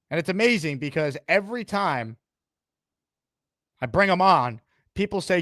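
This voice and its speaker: A man's voice: on the high side, animated, moderate pace, long pauses, a bit bright, no echo, studio quality. Upbeat man hosting a live fan stream. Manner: upbeat, addressing viewers and callers. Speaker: host.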